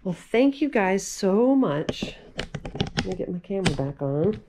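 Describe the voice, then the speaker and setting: A woman hosting a library storytime, reading picture books aloud to young children in an animated, sing-song way. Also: medium pitch, unhurried, noisy background.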